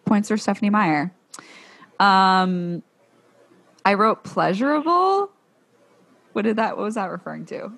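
A woman's voice: mid-range voice, lively intonation, unhurried, vocal fry, long pauses, a bit bright. A young woman co-hosting a podcast, chatting casually about a book, swearing and laughing often. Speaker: podcast co-host.

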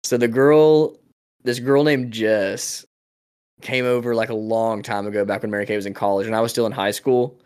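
A man's voice: lowish voice, steady tone, moderate pace, darkish tone, smooth. A young man co-hosting a casual podcast, telling a story in a laid-back way with lots of fillers and laughs. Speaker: podcast co-host. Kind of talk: casual chat.

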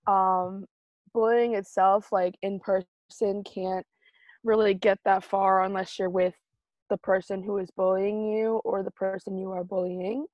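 A young woman co-hosting a podcast in a relaxed, chatty way, leaning on "like" a lot. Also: medium pitch, a little slow, no room sound, lo-fi sound. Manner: relaxed, 'like'-heavy, giggly. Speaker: podcast co-host. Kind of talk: casual podcast chat.

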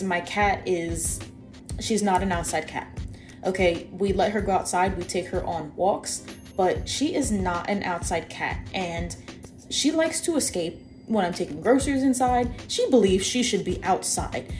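A young woman co-hosting a podcast, telling a personal story in a lively, chatty way and talking straight to her listeners. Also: medium pitch. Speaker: podcast co-host. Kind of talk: casual storytelling.

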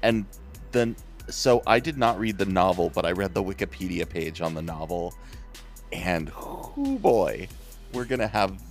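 A man's voice: low-pitched, big pitch swings, measured pace, faint music behind. A man hosting a casual movie podcast, telling the story with mock quotes in silly voices. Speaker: podcast host.

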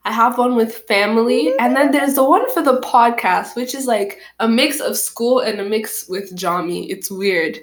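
A young woman co-hosting a podcast, chatting casually with teasing, deadpan jokes. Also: on the high side, moderate pace, few pauses. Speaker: podcast co-host. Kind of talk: casual chat.

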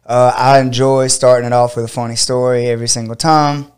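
A man's voice: brisk, clear, resonant tone. A middle-aged man from Georgia, hosting a casual chat and telling a funny story with laughter. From Georgia, USA. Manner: animated, laughing, acts out quotes in a high voice. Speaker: podcast host and fight coach.

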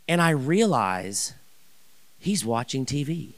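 A man telling a personal story in a sermon, animated and rambling, with many restarts and asides. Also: medium pitch, a little slow, long pauses. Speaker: pastor.

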